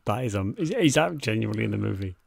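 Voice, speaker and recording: A man's voice: lowish voice, expressive, fast, creaky, breathy edge, no echo. A British man co-hosting a podcast, chatting casually about a film with dry, teasing humour. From Britain. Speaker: podcast co-host.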